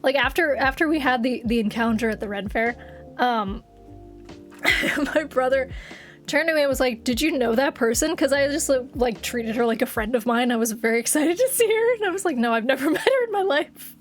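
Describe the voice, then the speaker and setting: Speaking into a desk mic at a moderate pace, this streamer responds to her chat with a high, bright voice, giggling frequently and quick to get excited. Soft music plays faintly in the background of her casual talk.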